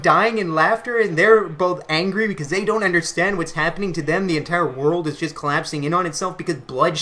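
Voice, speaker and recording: A man's voice: sits high, moderate pace, sharp tone. A young man hosting his channel, chatting casually and laughing at his own stories. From Canada. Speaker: channel host. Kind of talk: casual storytelling to camera.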